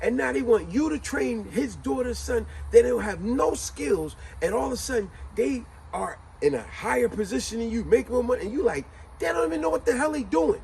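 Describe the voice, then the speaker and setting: A man hosting a casual chat, telling a story in an animated, conversational way. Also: very high-pitched, a little fast, creaky, few pauses, slight background noise, rough recording. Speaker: host.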